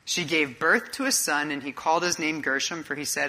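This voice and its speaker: Earnest, bright-toned man preaching. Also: a little high, fairly even intonation, brisk. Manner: earnest, conversational preaching with rhetorical questions. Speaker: pastor. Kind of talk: sermon.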